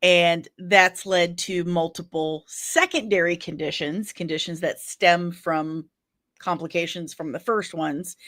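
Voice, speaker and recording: A woman's voice: fairly low pitch, fairly bright tone, no echo, studio quality. A woman chatting casually and candidly on a livestream, rambling, laughing often and apologizing in asides.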